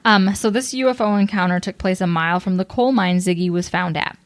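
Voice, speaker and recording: A woman's voice: on the low side, brisk, dry recording. Laughing young woman reading case notes. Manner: reads from notes, laughs often, loosened by whiskey. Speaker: podcast co-host presenting the case. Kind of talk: casual true-crime podcast chat.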